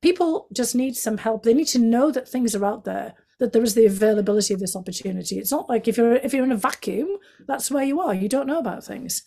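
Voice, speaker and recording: A woman from Northeast England with a Northeast English accent, a guest telling stories from her life in a chatty way, full of "you know" and lively quotes of other people. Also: on the high side, fast, creaky, hardly any pauses. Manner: chatty, many "you know" fillers, animated quoting of others. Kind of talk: reflective storytelling in conversation.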